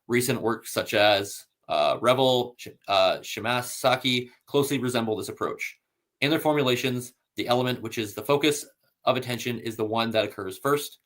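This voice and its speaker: A man's voice: medium pitch, fairly bright tone. A man hosting a casual scholarly discussion, explaining patiently and reading citations aloud with frequent fillers. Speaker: host.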